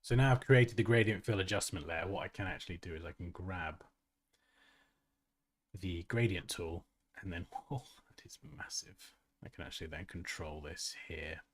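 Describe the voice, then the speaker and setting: A man's voice: low voice, normal speed, slight background noise. Laid-back man hosting a design livestream. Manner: chatty and self-mocking, laughs often, reads out chat comments. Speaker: design tutorial livestream host. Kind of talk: casual live tutorial chat.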